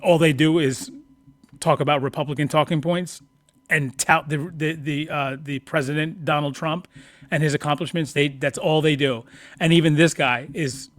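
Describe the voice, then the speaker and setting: A man's voice: fairly high pitch, moderate pace, dry recording. A man streaming political commentary, ranting and mocking with lots of profanity. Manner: mocking, profane, animated rants.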